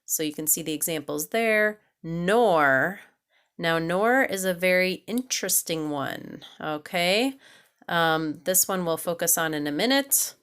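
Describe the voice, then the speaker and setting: A woman's voice: fairly low pitch, lively intonation, a bit bright, clear, resonant tone. A woman teaching an English grammar lesson, patiently reading examples aloud and checking in with "okay?" after each point. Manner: slow and deliberate, reads examples aloud.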